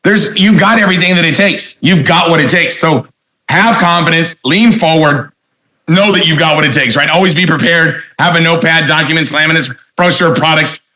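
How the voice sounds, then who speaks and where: A middle-aged man giving a motivational sales training talk, energetic and punchy, repeating his key phrases. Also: on the high side, moderate pace.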